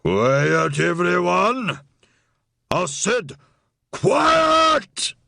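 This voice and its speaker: A man's voice: medium pitch, sing-song, normal speed, fairly bright tone, dry recording, studio quality. A man voicing a blunt island ferry captain who bellows and brushes others off. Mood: bellowing. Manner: bellowing, dismissive.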